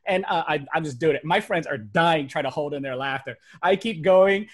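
A man in his thirties tells stories from his life as a magician, performing for a virtual audience through a webcam. His voice sits a little high, and he swings between animated comic timing and hushed, serious moments. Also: fairly quick, few pauses. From Burbank, United States. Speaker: magician and motivational speaker. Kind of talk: stand-up storytelling for a virtual audience. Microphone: webcam setup.

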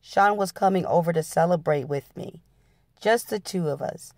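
Woman reading a memoir, low and dry. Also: normal speed, a little mellow, dry recording. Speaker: channel host reading a memoir aloud. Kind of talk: dramatic audiobook-style reading.

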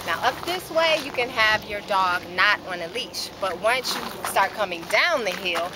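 A woman's voice: medium pitch, animated, moderate pace, background noise. A woman chatting casually with friends on a hiking trail, explaining things plainly. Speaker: workout friend. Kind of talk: casual chat. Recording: loud music over the talk.

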